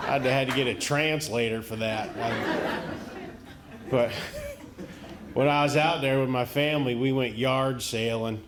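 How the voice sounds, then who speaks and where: A middle-aged man from the rural United States doing a stand-up comedy set, telling folksy, deadpan stories and chuckling at his own punchlines. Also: mid-range voice, measured pace, long pauses, a loud crowd, very noisy. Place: comedy venue stage before a live audience. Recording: echoey live venue with loud audience laughter.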